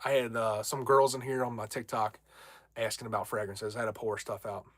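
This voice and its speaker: A man's voice: fairly low pitch, flat delivery, brisk, dry recording. Young male streamer at home, brash, rambling talker, dry unreverberant sound. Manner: brash, rambling, reads viewer comments aloud. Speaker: livestream host. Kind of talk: casual livestream chat.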